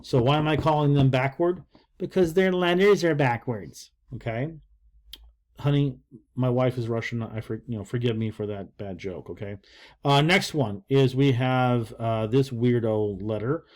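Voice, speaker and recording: A man's voice: medium pitch, a little slow, a little mellow. Folksy older man teaching. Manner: rambling, folksy, joking asides. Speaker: Russian language teacher. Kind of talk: casual video lesson.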